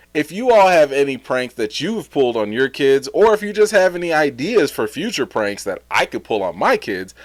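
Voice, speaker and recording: A man's voice: mid-range voice, no room sound. A father and vlogger giving an upbeat, chatty voice-over for his video, recorded on a close mic. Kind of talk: casual vlog voice-over.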